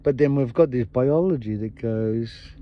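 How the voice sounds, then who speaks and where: A man's voice: mid-range voice, unhurried, a little hiss or hum. Blunt, heavily swearing man. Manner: blunt, heavy swearing, repetitive emphatic phrasing. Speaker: podcast host. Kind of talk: impassioned monologue. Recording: dull lo-fi sound.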